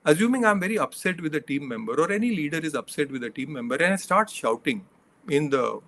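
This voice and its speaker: A man's voice: on the high side, expressive, quick pace, a bit bright, a little hiss or hum. A middle-aged man, a leadership coach, giving earnest interview answers that he builds from examples and numbered points.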